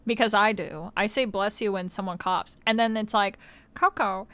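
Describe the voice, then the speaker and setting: A woman's voice: medium pitch, fairly even intonation, moderate pace, a bit bright, clean tone, no echo. A woman streamer in casual livestream chat, playful, swearing freely and laughing often, on a close mic.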